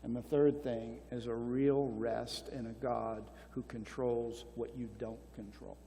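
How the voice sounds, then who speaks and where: Answering questions in a church hall with long reverb, an older conference speaker addresses a marriage conference. His medium-pitched voice is gravelly and mellow, with a flat, unhurried delivery and slight background noise. He urges listeners earnestly and repeats key phrases.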